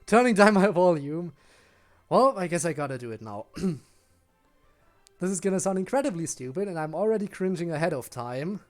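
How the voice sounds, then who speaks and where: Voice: mid-range voice, animated, moderate pace, a little mellow, soft background music. Giggly, tired late-night game streamer. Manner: giggly, self-conscious, talks to chat. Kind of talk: casual live-stream chat while gaming.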